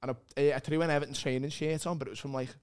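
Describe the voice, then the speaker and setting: A young man with a Liverpool accent telling an animated, sweary story on a casual comedy podcast. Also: fairly high pitch, rapid-fire, smooth. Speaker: comedian guest.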